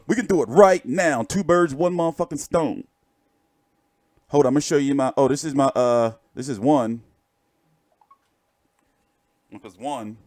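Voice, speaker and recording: A man hosting a boxing livestream chats loosely while showing pictures, cracking profane jokes in a rambling show-and-tell. His mid-range voice has a darkish tone and a moderate pace, captured in a dry recording.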